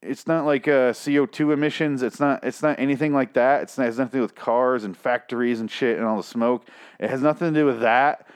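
A man's voice: mid-range voice, fairly quick, smooth. A man reading an article aloud and mocking it with profane, incredulous rants. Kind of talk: comedic reaction commentary.

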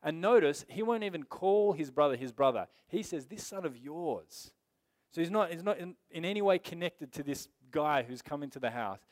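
Man, pastor, sermon, conversational and emphatic, fairly high voice. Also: animated, a little fast, hardly any pauses.

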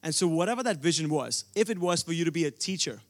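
Young man, from India, sermon, earnest storytelling, somewhat high voice. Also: expressive, fast talker. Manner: earnest, personal storytelling with many restarts. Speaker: preacher.

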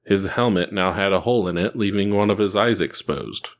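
A man reading an action story aloud in a steady, even narration. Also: sits low, brisk. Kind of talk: reading fan fiction aloud.

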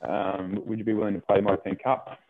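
Australian male rugby player, casual interview guest, lower voice, rambling and repetitive, says "mate" a lot, phone-line audio. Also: little pitch movement, brisk, a little hiss or hum. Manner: rambling, repeats words, says "mate" often. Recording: tinny phone-line sound.

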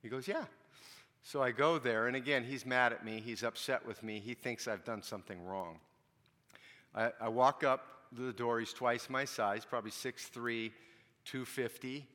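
A pastor delivers a casual, conversational sermon, frequently posing questions to the congregation. His voice is bright and forward, medium in pitch and at a normal speed, with long reverb trailing off the walls of a church hall.

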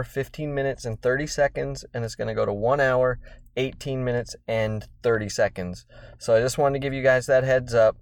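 A man's voice: mid-range voice, no room sound, clean studio sound. A man opening a podcast with a playful, teasing intro. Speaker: podcast co-host giving intro.

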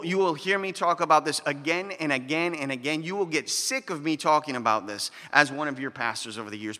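A male pastor delivers a sermon in a relaxed, conversational way, dropping in playful asides. His voice sits a little high and rings very bright. The sound carries a long hall reverb. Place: church hall.

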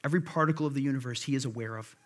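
Here a pastor with a mid-range male voice talks through a sermon casually, stumbling into fillers and restarting lines. When something matters, he slows and goes quiet.

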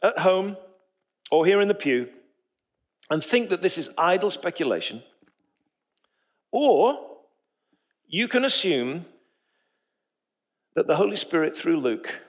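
A man's voice: sits high, slow pace, pauses often. A man preaching a sermon to his congregation, telling stories and acting out the voices of the people in them. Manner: animated storytelling, acts out quoted voices. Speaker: pastor. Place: church sanctuary.

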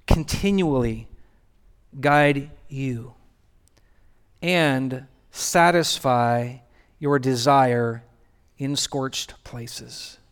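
A man preaching a sermon as pastor in a church, with rhythmic repetition and dramatic pauses. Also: a little high, a bit bright. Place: church sanctuary. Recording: long church hall reverb with faint music.

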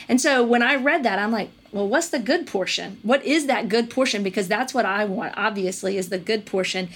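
A woman hosting a Christian podcast conversation, earnest, slowing down to read scripture aloud. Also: medium pitch, fairly bright tone, husky. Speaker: podcast host. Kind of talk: faith-based conversation.

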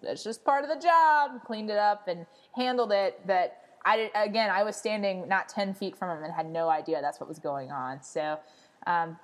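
A woman's voice: lowish voice, normal speed. A woman guest on a podcast, chatting casually about camp mishaps with lots of fillers. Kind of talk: casual chat.

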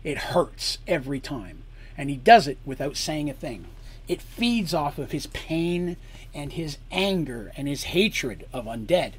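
A man's voice: on the high side, lively intonation, measured pace, breathy edge. A man acting as game master, narrating a tabletop campaign story and breaking off to explain the rules and lore.

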